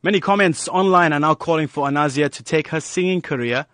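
A man's voice: fairly high pitch, fairly quick, fairly bright tone, a little hiss or hum. Man reading an upbeat news feature. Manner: polished, upbeat feature delivery. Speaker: news reporter. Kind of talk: scripted news narration.

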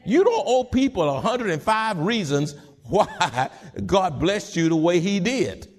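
A man pastor preaching a sermon in call-and-response style, with repeated words and passages that rise to shouting. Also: high-pitched, very animated, measured pace.

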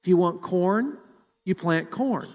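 A man's voice: sits high, expressive, slow, a little mellow, in a large hall. A male pastor delivering a sermon emphatically, often repeating words as he preaches. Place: church sanctuary.

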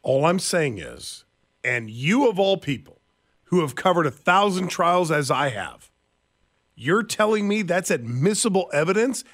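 Lively, teasing man co-host. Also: sits high, measured pace. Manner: playful, devil's advocate, teasing. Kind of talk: casual talk show banter.

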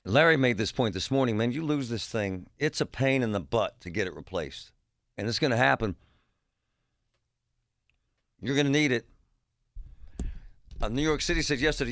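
A man's voice: medium pitch, a bit bright, no room sound, clean studio sound. A man hosting a talk radio show, delivering a blunt, heated monologue. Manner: blunt, heated, emphatic ranting.

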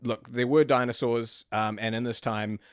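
A man in his thirties with a mid-range voice, trading jokes in relaxed podcast banter. His voice is recorded close and dry, with no room sound. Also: medium pitch, normal speed, clear, resonant tone, no room sound. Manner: joking, easygoing banter. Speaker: podcast co-host. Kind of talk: casual chat.

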